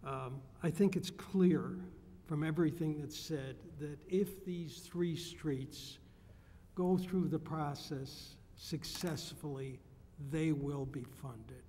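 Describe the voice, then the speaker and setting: A man alderman offering a folksy take at a council meeting, leaning on old sayings. His voice is warm and mellow, pitched a bit high for a man. It carries long chamber reverb and a faint hum. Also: slow pace, slightly rough. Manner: folksy, uses sayings and jokes.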